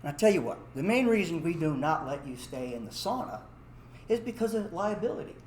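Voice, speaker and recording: A man voicing a calm older hotel manager who speaks in a measured, fatherly way. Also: on the high side, reverberant, a little hiss or hum.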